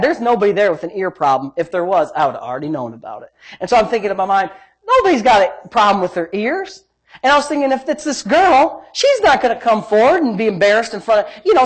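Animated pastor telling a story. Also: male voice, high voice. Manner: animated, swings loud and soft, laughs while telling. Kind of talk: sermon storytelling.

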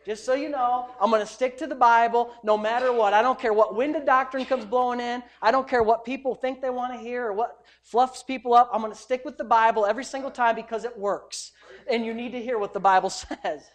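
A pastor delivering a sermon in a conversational, emphatic style. His voice swings from loud insistence to quiet asides, talking straight to the people in front of him. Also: very high-pitched, steady tone, a little fast, few pauses.

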